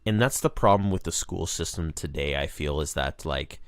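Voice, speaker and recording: A man of about thirty with a very low voice trades jokes on a casual podcast, often breaking into laughter. The sound is close and dry, with no room echo. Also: normal speed. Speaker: podcast co-host. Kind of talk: casual chat.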